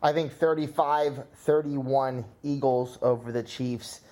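A man's voice: mid-range voice, fairly even intonation, slow pace, dark tone. A man chatting casually about sports picks, earnest and repeating his words as he talks.

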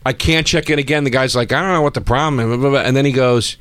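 A man telling a frustrated story in casual podcast chat, profane and animated, raising his voice as he relives the argument. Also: medium pitch, fast, clear, resonant tone, no echo. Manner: animated, profane, rising to shouts when reliving anger.

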